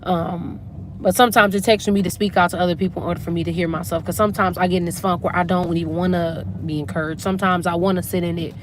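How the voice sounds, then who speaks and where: A woman vlogger hosting a casual live stream talks fast into a handheld phone while sitting in a parked car, subdued and emotional as she holds back tears and tries to pump herself up. Her voice is lowish with fairly flat intonation, and the background is noisy.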